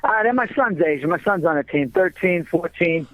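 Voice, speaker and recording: A man calling in by phone from outdoors on a sports field, talking in a brash, boastful, excitable way. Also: a little high, normal speed, no room sound. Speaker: phone-in guest. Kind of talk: casual chat. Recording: tinny phone line.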